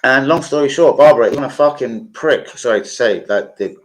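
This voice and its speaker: A man's voice: mid-range voice, brisk, poor audio. A young man, chatting casually on a live football stream, rambling and swearing with many fillers.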